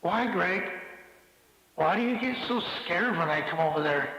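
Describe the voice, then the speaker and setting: A man's voice: high-pitched, lively intonation, moderate pace. A man on a CB radio channel, mocking another caller with profane, repeated jabs. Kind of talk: taunting CB radio banter. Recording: echoey noisy CB radio transmission.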